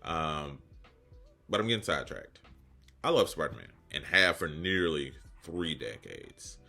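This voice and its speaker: A man's voice: very deep voice, sing-song, measured pace, vocal fry, bright, forceful tone, soft background music. A man in his thirties hosting a casual video essay, rambling into joking, self-deprecating asides. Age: 30s.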